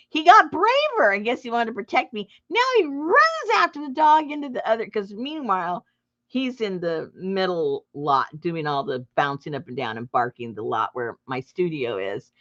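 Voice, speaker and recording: A middle-aged woman telling a story to her viewers in a casual, animated way, breaking into laughter and loud acted outbursts. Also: mid-range voice, normal speed. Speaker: junk journal crafter and channel host. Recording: dull lo-fi home recording.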